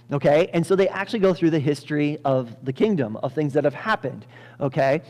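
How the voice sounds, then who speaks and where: A male pastor telling a Bible story in a lively sermon, acting out the characters with sudden loud bursts and frequent laughter. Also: on the high side, a little fast. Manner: animated, acts out characters with sudden loud jumps, laughs often. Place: church.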